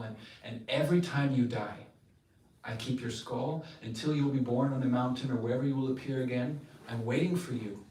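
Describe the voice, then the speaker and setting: A man's voice: medium pitch, natural voice. A man voicing a tender, devoted male god who pleads earnestly with his wife, in a roomy space picked up from a distance. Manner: earnest, pleading, soft-spoken. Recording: roomy, distant mic, faint noise.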